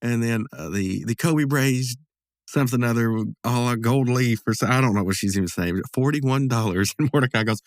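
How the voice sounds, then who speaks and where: A man's voice: mid-range voice, normal speed, no echo, studio quality. A man casually recapping an episode as a podcast host, rambling with lots of fillers and asides.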